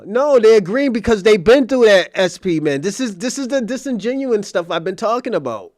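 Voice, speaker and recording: High-voiced man ranting emphatically. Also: very animated, brisk, few pauses, a little mellow, dry recording, studio quality. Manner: emphatic, profane, repetitive, argumentative. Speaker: host of a commentary channel. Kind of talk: casual livestream commentary.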